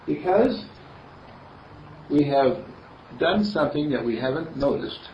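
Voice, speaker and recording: A male minister gives a meandering spiritual sermon, chuckling as he tells stories, with a lively, rising and falling pitch. He is heard from a distance in a roomy space, and the recording is dull with faint hiss. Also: takes it slowly. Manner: rambling, chuckling, storytelling.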